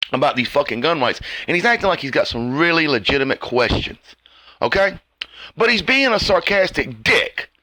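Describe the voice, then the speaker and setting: A man rants with heated, profane sarcasm, his voice bright and forceful. His pitch swings widely as he talks. The sound is dry and close. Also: dry recording. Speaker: commentary host. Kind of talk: ranting commentary.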